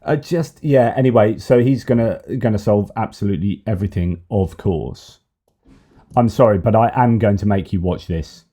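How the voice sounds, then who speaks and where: Guy hosting a news commentary channel, mellow warm voice, lots of uhs and restarts, keeps saying brilliant. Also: on the low side, moderate pace. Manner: rambling, with many fillers and restarts; enthusiastic, repeating praise.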